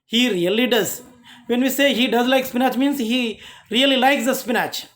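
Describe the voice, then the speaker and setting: A college lecturer with an Indian English accent giving a grammar lesson, halting often and restarting sentences as they explain each example. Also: medium pitch, fairly bright tone.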